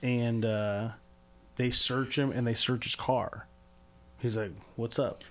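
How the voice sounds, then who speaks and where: A man's voice: medium pitch, fairly even intonation, takes it slowly. A man co-hosting a podcast, telling a crude story in a rambling, filler-heavy way. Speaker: podcast co-host. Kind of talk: casual storytelling chat.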